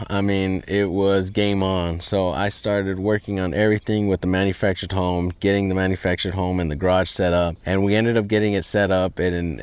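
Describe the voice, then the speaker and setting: A man's voice: sits low, clean tone. A man in his twenties, a farm owner, telling his story in a chatty, earnest vlog. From Texas. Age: 20s. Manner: chatty, earnest, reenacts conversations.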